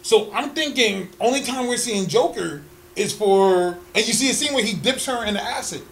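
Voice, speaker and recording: A man co-hosting a casual chat, talking in an animated, profane, opinionated way and laughing often. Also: high voice, normal speed.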